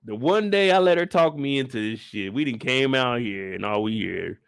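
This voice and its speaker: A man voicing a stunned grown man, who mutters a deadpan complaint in a dropped, lower voice. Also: moderate pace, gravelly, clear, resonant tone. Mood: regretful. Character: stunned grown man, dragged along and regretting it.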